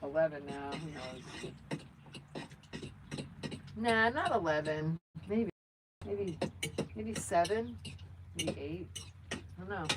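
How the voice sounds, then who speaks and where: A woman with a lowish voice hosts a casual live vlog, rambling and joking at her own expense. She speaks into a phone outdoors by her truck, with steady fan and vehicle noise clearly heard behind her. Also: takes it slowly, long pauses. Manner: rambling, chatty and self-joking. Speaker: channel host. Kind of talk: casual livestream chat. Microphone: phone camera.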